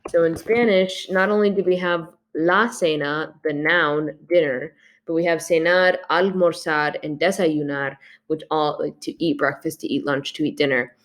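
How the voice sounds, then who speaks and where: A woman's voice: sits low, fairly even intonation, moderate pace. A young woman teaching a video lesson, going over her class notes in a casual, chatty way with plenty of fillers. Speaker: Spanish teacher. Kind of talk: recorded classroom lesson walkthrough.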